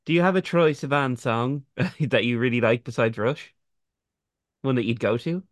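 A man's voice: medium pitch, moderate pace, dry recording. Young man, podcast co-host, rambling and giggly, dry close sound. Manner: giggly, rambling, restarts mid-thought. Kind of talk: casual chat.

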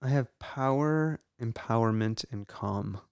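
A man's voice: mid-range voice, measured pace, vocal fry, darkish tone, smooth, no echo, clean studio sound. A man hosting a podcast in casual chat, playful and prone to bursts of silly singing. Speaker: podcast host.

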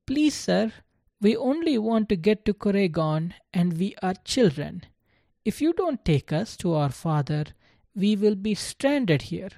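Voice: mid-range voice, very animated, measured pace, creaky, warm tone, dry recording, studio quality, pitched above the performer's own voice. A narrator voicing a pleading young boy. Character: young schoolboy, pleading and frightened.

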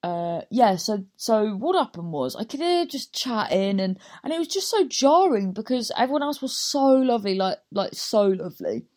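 Young woman comic, chatty and scattered, mid-pitched voice, casual podcast monologue. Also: sing-song, moderate pace, few pauses, darkish tone. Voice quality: chatty, scattered, self-interrupting, swears often. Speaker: stand-up comedian.

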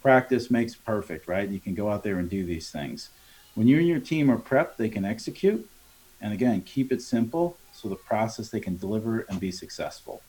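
A man's voice: lowish voice, sing-song, moderate pace, darkish tone, slightly rough. A man training contractors on sales in an interview, speaking in a coaching tone, acting out customer dialogues and often adding "right?". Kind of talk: conversational podcast interview.

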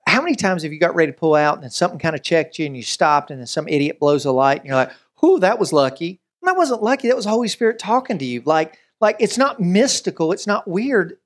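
A man preaching a conversational sermon as pastor, lively and joking, acting out everyday scenes as he goes. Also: on the high side, fast talker, few pauses.

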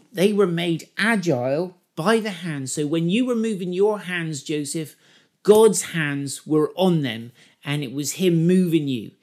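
A man giving an informal Bible teaching, emphatic and animated, pausing often to explain the passage. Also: on the high side.

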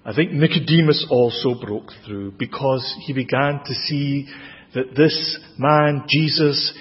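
A man with a Scottish accent preaching a sermon, expressive, with dramatic rises in pitch and volume. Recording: dull, lo-fi with long hall reverb.

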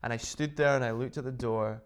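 A man, a guest in an interview, telling his story in a chatty, animated way with lots of fillers and restarts. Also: mid-range voice, fairly quick, clean tone. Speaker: interview guest, business founder. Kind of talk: casual storytelling.

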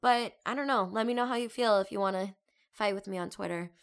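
A young adult woman hosting her own show, talking through a story in a casual, animated way with quick exclamations and asides. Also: medium pitch, faint music behind. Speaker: podcast host. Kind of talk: casual chatty monologue.

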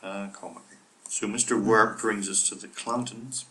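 A man co-hosting a relaxed podcast chat, his voice sitting a little low. He teases his partner and quizzes him with a wry, dry humour. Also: normal speed, rough recording. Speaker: podcast co-host. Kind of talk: casual chat.

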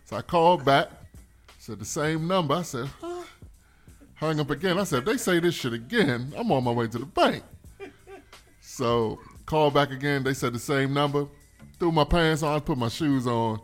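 A man's voice: a little high, expressive, normal speed, soft background music. A man in casual chat, telling a story with laughter and swearing.

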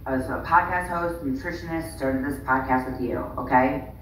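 A woman's voice: a bass voice, normal speed. A woman podcast co-host talking in a fired-up, indignant way in casual chat. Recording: roomy, distant mic, faint noise.

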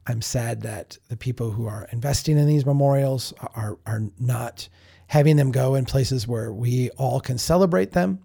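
A podcast host telling a candid, self-reflective story in a casual monologue, often restarting and repeating words. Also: male voice, mid-range voice, gravelly, mellow, husky. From Minnesota.

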